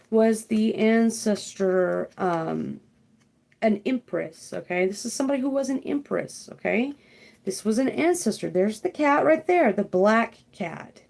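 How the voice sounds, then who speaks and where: A young woman doing a live tarot card reading, talking in a rambling, excitable way, often throwing in "freaking" and checking in with "okay?". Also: on the high side. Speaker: tarot reader.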